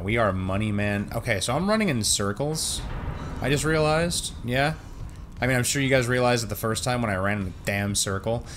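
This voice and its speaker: A young man hosting a casual let's-play, joking along and yelping when startled. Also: fairly low pitch. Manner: jokey and jumpy, yelps and shouts when startled. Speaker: gaming channel host.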